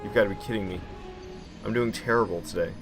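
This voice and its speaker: A man giving casual, excitable commentary while playing a video game, slangy and quick to mock himself. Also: fairly low pitch, soft background music. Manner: excitable, self-mocking, slangy. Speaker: gaming commentator.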